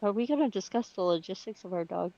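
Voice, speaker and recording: Woman, casual livestream chat, wry, quick, muffled lo-fi sound. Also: medium pitch, lively intonation, warm tone, no echo.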